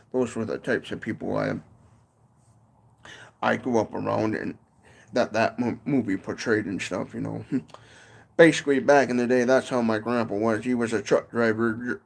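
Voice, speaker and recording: A man's voice: lowish voice, fairly even intonation, normal speed, vocal fry, pauses often. A man with a Michigan accent chatting casually on a livestream from his porch, rambling and often tacking on "and stuff". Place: home porch, outdoors.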